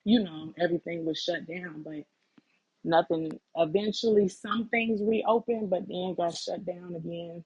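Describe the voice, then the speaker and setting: Guest in a chill interview, husky and creaky, kinda dull dry recording. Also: medium pitch, steady tone, unhurried, a little mellow, no echo. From Chicago. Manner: thoughtful and hesitant, many "like" and "um". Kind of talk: casual interview chat.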